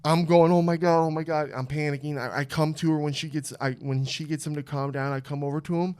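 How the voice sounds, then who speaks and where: Young man, podcast host, slightly high voice, animated storytelling, frequent swearing. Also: fast, clean tone. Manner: animated, swearing, acts out quotes. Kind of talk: casual storytelling chat.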